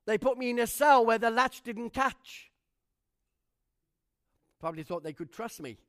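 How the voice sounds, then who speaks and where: High-voiced animated male preacher. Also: a little slow. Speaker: pastor. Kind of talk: storytelling sermon.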